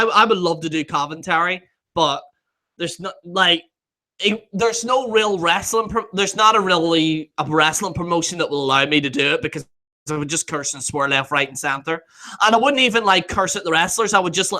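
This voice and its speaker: A man's voice: fairly high pitch, sharp tone. A man hosting a casual live stream, reading viewer comments aloud, laughing often, swearing freely and trailing off mid-sentence.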